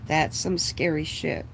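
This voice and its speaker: A livestreamer chatting casually with viewers from inside a bus, breathless and feeling ill, rambling slowly with sighs and casual swearing. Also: mid-range voice, gravelly, background noise. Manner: slow, meandering, sighing, swears casually. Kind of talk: casual rambling live chat. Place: inside a bus living space.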